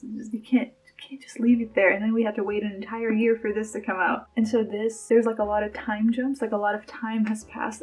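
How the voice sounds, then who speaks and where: Woman vlogging about a book she's reading, kinda gravelly voice, a bit high, gets emotional and gushy, faint music behind. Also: low-quality recording. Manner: emotional, gushing, thinking aloud. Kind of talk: casual book readalong reactions.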